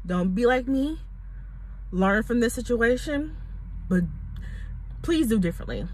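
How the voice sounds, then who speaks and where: A woman's voice: a little high, expressive, a little slow, breathy edge, rough recording. A young adult woman telling a personal story on her vlog, candid and emphatic, full of slang and swearing. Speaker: mommy YouTuber.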